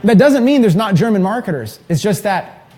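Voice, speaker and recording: A man in his thirties giving an energetic, rambling live seminar talk to a small group in an event room. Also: sits high, moderate pace. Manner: energetic, rambling, filler-heavy. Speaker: mastermind trainer.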